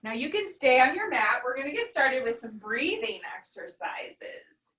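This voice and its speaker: A woman teaching a children's yoga class, giving gentle, instructive breathing cues with playful animal noises. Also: sits high, sing-song, a little slow. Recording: echoey room, far from mic.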